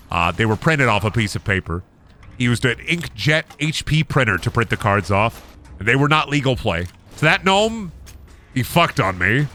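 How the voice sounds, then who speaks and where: With slight background noise behind him, a young man offers casual commentary while streaming a game, goofing around, rambling, singing, and cracking jokes. His voice is mid-range, pushed, and bright.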